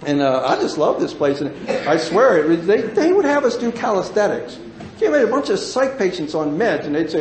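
A man's voice: high-pitched, big pitch swings, fairly quick, a loud crowd. A man in his sixties, plain-spoken and folksy, telling his recovery story to a meeting and livening up when he jokes. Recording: echoey room with faint ambience.

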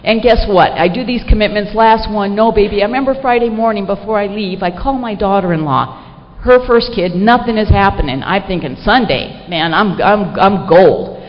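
A middle-aged woman sharing a personal story with an audience at a recovery meeting, in an animated, self-mocking way with lots of fillers. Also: mid-range voice, normal speed. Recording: echoey hall, dull lo-fi sound, faint noise.

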